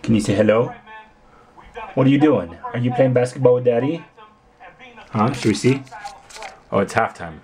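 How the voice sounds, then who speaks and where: A man's voice: mid-range voice, moderate pace, pauses often, darkish tone, rough recording. A young man filming a casual family vlog at home on a handheld camera, joking around and cooing at his little sons. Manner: playful, silly voices, baby talk to his sons. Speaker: vlogger dad.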